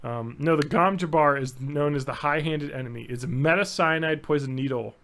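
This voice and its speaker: Podcast co-host, man, fast-rambling, fond of swearing, slightly high voice. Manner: excitable, rambling, heavy swearing. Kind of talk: casual chat.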